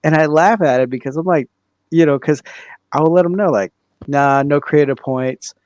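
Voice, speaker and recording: A man's voice: a little high, a little mellow, no echo. A young man co-hosting a comedy podcast, telling rambling stories full of restarts and fillers. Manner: halting, many restarts and 'like'. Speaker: podcast co-host.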